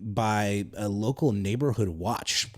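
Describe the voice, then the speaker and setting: A man with a low voice co-hosts a podcast in a relaxed, wry way. His talk is full of fillers and small asides. The mic is close and dry. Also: slow pace, dry recording. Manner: casual, filler-heavy, wry. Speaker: podcast co-host. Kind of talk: conversational podcast banter.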